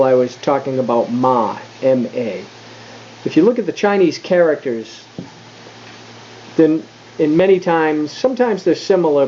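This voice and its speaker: A mellow, dark-toned man explains tones in an easygoing vlog lesson. He thinks aloud with fillers and restarts, and stretches words out slowly when he demonstrates them. The recording is dull and lo-fi, with a faint hiss underneath. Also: medium pitch. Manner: slows right down to demonstrate tones. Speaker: language learner explaining Mandarin tones.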